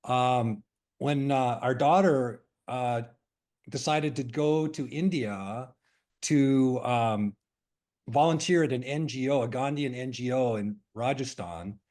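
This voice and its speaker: A middle-aged man from Hawaii leading a spiritual discussion, telling a story in a thoughtful, unhurried way with many pauses and fillers. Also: mid-range voice, darkish tone. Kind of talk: reflective storytelling talk.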